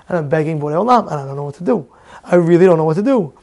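Guy with a high voice telling a story in a torah class, acts out all the dialogue, trips over his words a lot. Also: very fast. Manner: animated, acts out dialogue, many restarts; mixes in Hebrew words. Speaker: Torah teacher.

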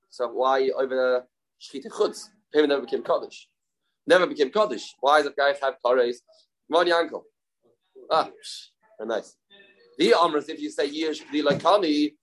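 Casting note: a man as a Talmud teacher with a Yeshivish accent, animated delivery, fairly high voice, keeps repeating phrases for emphasis. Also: normal speed, pauses often, rough recording. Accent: Yeshivish English. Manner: animated, repeats phrases, asks and answers questions. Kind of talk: daily Talmud lesson.

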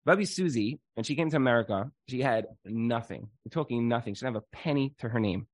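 A man's voice: mid-range voice, fast talker, no room sound. A man giving a casual Torah lecture, telling stories with lots of filler "like"s and acting out the people he quotes. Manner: animated storytelling full of "like"s and acted-out quotes.

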